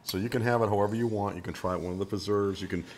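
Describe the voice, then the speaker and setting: A Midwestern American man talks about cooking in an easygoing, plain way. His voice is very deep, with faint background noise. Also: steady tone, rapid-fire, darkish tone. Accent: Upper Midwest American. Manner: easygoing, explains food plainly. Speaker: guest cook. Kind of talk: casual cooking chat.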